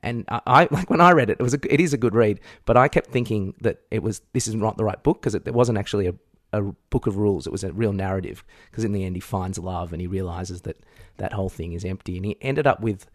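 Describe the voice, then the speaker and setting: A man co-hosting a podcast in casual chat, talking in halting starts with many fillers and restarts. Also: lowish voice, no room sound, clean studio sound. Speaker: podcast co-host.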